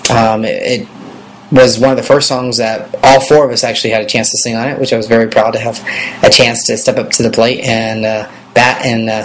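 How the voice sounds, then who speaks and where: A man in his thirties talks casually as he answers fan questions, rambling and filling pauses with ums. His voice sits in an ordinary middle pitch. Faint background noise is under the talk. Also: low-quality recording. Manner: relaxed and rambling, many fillers. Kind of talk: casual video Q&A.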